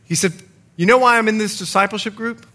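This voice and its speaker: A man's voice: high voice, fast talker. A middle-aged man preaching a sermon as pastor, telling stories with acted-out quotes. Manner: storytelling with lively acted quotes.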